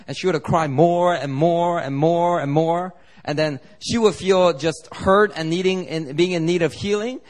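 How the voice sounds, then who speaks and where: A male pastor delivers a sermon in an animated storytelling manner. He slips into the voices of the people he describes, and his voice sits a little high.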